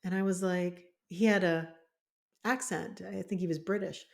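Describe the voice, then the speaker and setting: Animated woman co-host, lowish voice. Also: normal speed, vocal fry. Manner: animated storytelling with frequent laughs. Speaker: podcast co-host, spiritual healer. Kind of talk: casual conversational chat.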